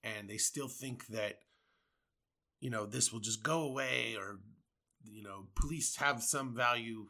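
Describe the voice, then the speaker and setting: A man's voice: mid-range voice, measured pace, pushed and bright. A man from the United States, a podcast host, delivering an angry, profane political rant with sarcastic asides.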